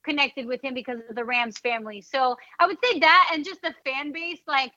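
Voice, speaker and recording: Chatty bright-voiced Bronx woman. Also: sits high, fairly quick, no room sound. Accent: New York (Bronx). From the Bronx, New York. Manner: chatty, lots of fillers like "like" and "you know". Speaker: NFL team reporter and podcast host. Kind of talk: casual interview chat. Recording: dull, dry, slightly lo-fi sound.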